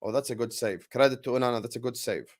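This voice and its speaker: A young man hosting a live football watchalong, chatting with viewers and calling the play with slangy, excitable banter. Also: mid-range voice, quick pace. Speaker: watchalong streamer.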